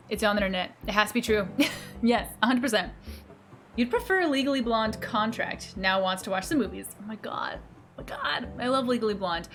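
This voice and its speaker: A woman streamer chatting casually and bubbly with her viewers, laughing often and teasing herself. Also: medium pitch. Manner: bubbly, giggly, self-teasing, reacting to chat. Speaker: game streamer.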